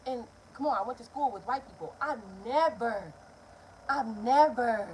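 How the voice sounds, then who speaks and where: A young woman, telling a story in a casual vlog, animated and profane. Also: fairly high pitch, moderate pace, a little hiss or hum. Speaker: vlogger.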